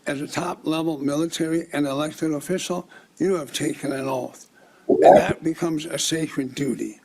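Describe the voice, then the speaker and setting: A man's voice: a little high, moderate pace, gravelly, a little mellow, slight background noise. A middle-aged man from Minnesota with a Minnesotan accent, giving formal public testimony in a declamatory, accusing manner.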